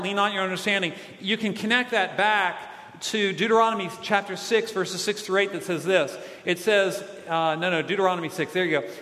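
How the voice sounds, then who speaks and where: A man preaching a sermon as a pastor, animated, asking the congregation to call back answers. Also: high-pitched. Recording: echoey hall.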